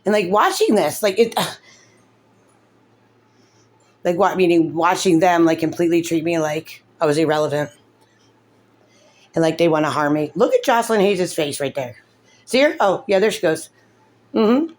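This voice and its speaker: Frustrated mom venting on her vlog, says like a lot, kinda low voice. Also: a little slow, pauses often, darkish tone. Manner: rambling, full of "like", upset and tearful. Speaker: mother in a custody case. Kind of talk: emotional vlog commentary.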